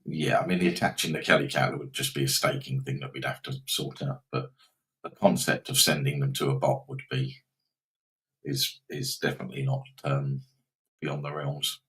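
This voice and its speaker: A man's voice: a bass voice, level tone, moderate pace, a bit bright, poor audio. A man hosting a live betting stream, rambling casually and reacting to football scores and viewers.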